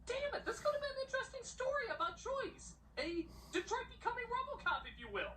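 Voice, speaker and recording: A man's voice: extremely high pitch, very animated, a little fast, sharp tone. Sarcastic ranting male film critic. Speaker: movie critic. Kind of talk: comedic film review. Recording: played back from far, faint noise.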